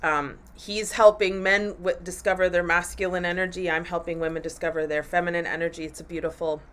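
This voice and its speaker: A woman hosts a live motivational talk for her listeners. Her voice is bright and forceful, and she speaks candidly and with animation, dropping swear words freely along the way. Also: on the low side, little pitch movement, brisk. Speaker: podcast host and women's coach.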